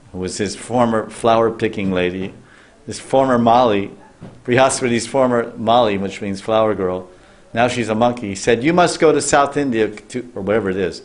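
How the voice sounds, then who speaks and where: A man's voice: on the low side, normal speed. A man as a spiritual teacher, telling a sacred story in a loose sermon with restarts and questions to the listeners.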